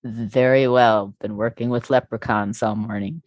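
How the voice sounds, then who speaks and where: A woman's voice: a bass voice, fairly even intonation, moderate pace, darkish tone. A woman co-hosting a podcast who keeps the chat playful. Her voice sounds close and dry, with no room echo. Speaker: podcast co-host.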